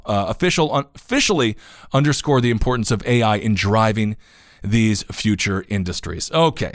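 A man's voice: medium pitch, no room sound, clean studio sound. A man hosting a podcast, giving casual news commentary with sarcastic asides and growing indignation. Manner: animated, sarcastic, gets indignant. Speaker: podcast host.

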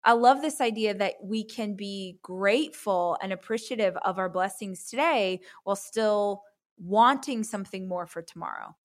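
Woman podcast host, reflective, speaks softly; dry, close recording. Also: mid-range voice, normal speed, no room sound. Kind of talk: casual interview chat.

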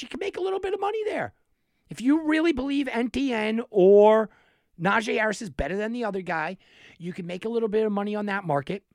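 A man hosting a sports betting talk, animated and thinking aloud, often restarting his sentences. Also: sits high, vocal fry, no room sound, clean studio sound. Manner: animated, talks himself through picks with restarts. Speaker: sports betting show host.

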